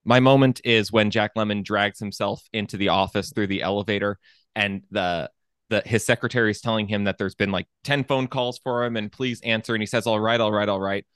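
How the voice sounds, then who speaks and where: A man with a low voice hosts a film discussion, speaking in a measured, thoughtful way. His voice is recorded dry and close. He weighs his points as he talks. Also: steady tone, a bit bright, clean tone, dry recording. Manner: thoughtful, measured, with fillers and restarts. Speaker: co-host of a film podcast. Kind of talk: casual conversation.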